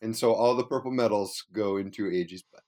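A man's voice: on the low side, a little fast, darkish tone. A man co-hosting a casual podcast recap, joking and riffing playfully. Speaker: podcast co-host. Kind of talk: casual chat.

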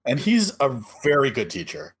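A man with a husky, somewhat higher voice that rises and falls a lot. He co-hosts a movie podcast in casual banter and playfully argues over details. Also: wildly swooping pitch, moderate pace. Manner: playfully argumentative. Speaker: podcast co-host. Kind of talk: casual movie recap chat.

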